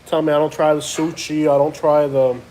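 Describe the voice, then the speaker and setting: A man's voice: a little high, level tone, a little fast, dark tone, a little hiss or hum. A man chatting casually about food, joking and rambling with stumbling restarts. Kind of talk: casual chat.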